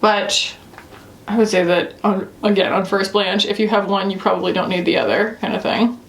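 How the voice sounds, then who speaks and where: In an echoey room, a beauty reviewer in her thirties chats casually about makeup in a medium-pitched, fairly even voice at normal speed. She rambles, filling her talk with "like" and "you know."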